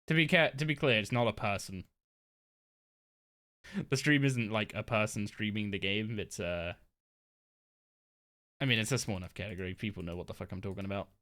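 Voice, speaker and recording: A woman's voice: very deep voice, moderate pace, long pauses, a bit bright. A woman live-streaming a game from her home desk, chatting casually and rambling with lots of fillers and restarts. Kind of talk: casual live-stream chat while gaming.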